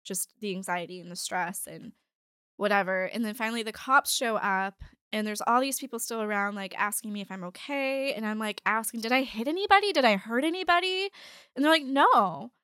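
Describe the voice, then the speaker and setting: A woman's voice: medium pitch, brisk, bright, forceful tone, clean tone, dry recording, clean studio sound. A woman in her forties telling a personal story in casual chat, candid, swearing and laughing as she goes.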